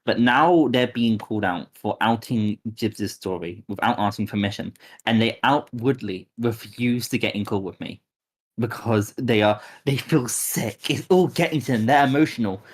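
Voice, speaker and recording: A man's voice: mid-range voice, normal speed. A man co-hosting a commentary stream, ranting indignantly. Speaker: stream co-host.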